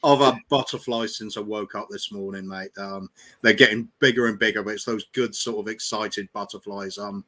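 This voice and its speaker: Low-voiced eager man on a fan panel. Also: steady tone, normal speed, bright, forceful tone. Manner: eager, stumbles and restarts words. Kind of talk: casual livestream chat.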